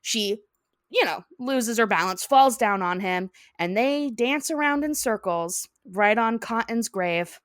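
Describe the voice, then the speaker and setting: A woman's voice: on the high side, animated, unhurried, dry recording, studio quality. A woman co-hosting a podcast, animatedly recapping a cartoon episode and laughing often. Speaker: podcast co-host.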